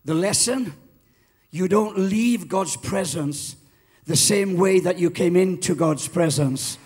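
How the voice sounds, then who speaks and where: Welsh pastor guy in his 70s, husky and kinda high voiced, preaching big and lively, hypes the crowd. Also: takes it slowly. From Wales. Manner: exuberant storyteller, rallies the crowd. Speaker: guest pastor. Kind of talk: sermon. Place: church.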